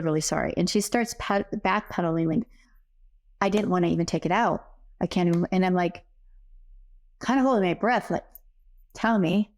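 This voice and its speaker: A woman's voice: on the low side, a little mellow. Middle-aged woman telling her story. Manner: earnest, acts out remembered dialogue. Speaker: podcast guest, psychic medium. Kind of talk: personal storytelling in a casual interview.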